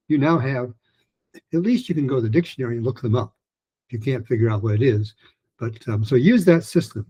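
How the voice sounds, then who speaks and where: Mellow husky man teaching pronunciation. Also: mid-range voice, rough recording. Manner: rambling, many restarts and fillers, models phrases slowly. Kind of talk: recorded lesson talk.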